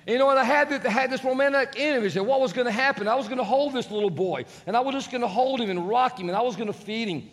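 A man's voice: very high-pitched, fast talker, hardly any pauses, a bit bright. A middle-aged man preaching a sermon, telling family stories with humor and acting out the voices of others. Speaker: pastor. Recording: long reverb of a large hall.

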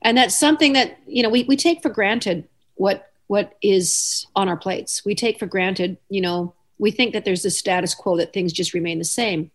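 A woman's voice: mid-range voice, normal speed, few pauses. A woman hosting a talk show, chatting casually and thinking aloud. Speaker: host. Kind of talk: casual radio chat.

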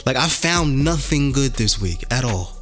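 A man in casual podcast chat, animated and rambling, with lots of cursing. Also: medium pitch, measured pace, faint music behind.

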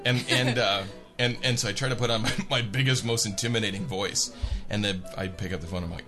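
A man's voice: fairly low pitch, fairly quick, music in the background. A man in his thirties, a radio host, telling a funny story with lots of laughter. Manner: animated, laughing as he tells. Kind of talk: comic storytelling.

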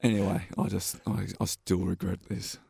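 A man's voice: sits low, little pitch movement, moderate pace, vocal fry, dark tone, husky, dry recording, clean studio sound. A man with an Australian accent, a stuntman guest telling rambling anecdotes in a casual interview. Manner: laid-back, rambling anecdotes with many fillers.

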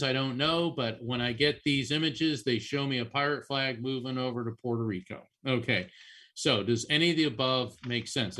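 A man who is a psychic medium, giving animated, chatty readings on a call-in show and often repeating names as he goes. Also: medium pitch.

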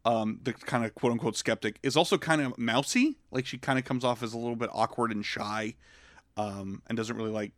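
Animated rambling man, dry close sound. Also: mid-range voice, a little fast, dry recording. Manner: animated, rambling, lots of fillers. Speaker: podcast co-host. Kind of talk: casual film review chat.

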